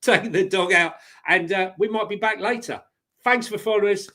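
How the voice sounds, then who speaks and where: A man's voice: high-pitched, brisk, pushed and bright. A man co-hosting a casual live stream, laid-back and jokey, with many ums and uhs. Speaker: co-host.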